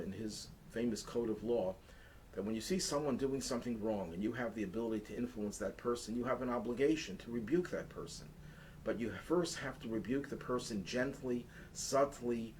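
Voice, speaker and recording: A man's voice: medium pitch, a little hiss or hum, low-quality recording. Earnest man giving a Torah lesson. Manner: earnest, builds intensity when stressing points. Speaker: rabbi teaching the weekly Torah portion.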